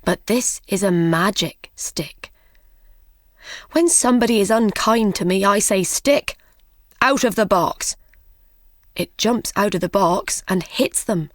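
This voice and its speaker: A bold, cheerful young man tells his tale in a slow, careful storybook voice, as a woman reader does him. The sound is dry and close, with no room around it. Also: medium pitch, no room sound, close to an everyday voice. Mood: explaining.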